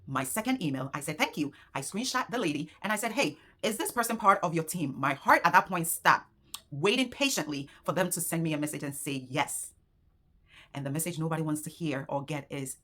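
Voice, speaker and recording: A woman with a deep voice recounts a scam in a casual vlog. She talks straight to her viewers and brings her feelings into the telling. She acts out the messages and her own replies as she goes. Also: brisk. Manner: emotional, animated retelling with quoted dialogue. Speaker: small business owner and market vendor.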